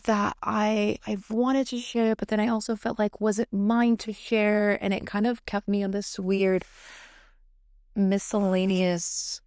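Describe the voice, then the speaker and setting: A woman's voice: medium pitch, little pitch movement, unhurried, a little mellow, clean tone, dry recording. Young woman, podcast host, solo late-night confessional, swears freely, filler-heavy, laughs off the heavy stuff, dry close sound. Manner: frank and profane, chatty with many fillers; laughs through heavy topics. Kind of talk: candid solo podcast monologue. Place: home, recorded late at night.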